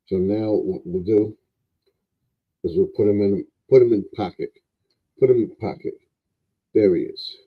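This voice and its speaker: A man hosting a casual livestream, chatting in an unhurried way and talking to a toy. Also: fairly low pitch, slightly rough. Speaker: livestream host. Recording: dull lo-fi livestream audio.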